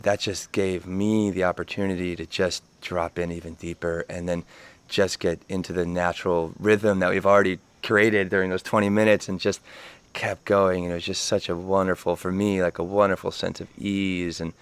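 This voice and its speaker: A man's voice: low voice, level tone, normal speed, smooth, dry recording. A man co-hosting a podcast, reflecting in casual conversation, thoughtful and searching for words with lots of "like.". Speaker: podcast co-host. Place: retreat center in Costa Rica.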